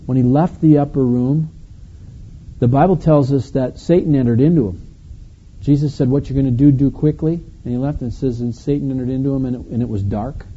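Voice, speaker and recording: A man's voice: medium pitch, dark tone, breathy edge, muffled recording. A man from Wisconsin with a Wisconsin accent preaching a sermon, earnestly retelling the story and voicing the quoted lines. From Wisconsin, United States. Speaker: pastor.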